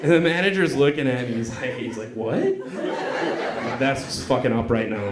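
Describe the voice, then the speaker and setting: A man performing a stand-up comedy set on a club stage, cursing and acting out callers in quick voices. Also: mid-range voice, lively intonation, noisy background. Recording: echoey club with crowd. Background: audience laughing.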